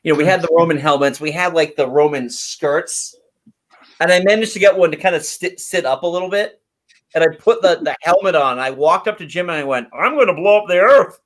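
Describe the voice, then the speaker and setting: A man's voice: on the high side, brisk. A man co-hosting a podcast, chatting enthusiastically about cartoons and restarting his sentences often. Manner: animated, enthusiastic, stumbles into restarts. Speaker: podcast co-host. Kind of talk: casual chat reviewing cartoons.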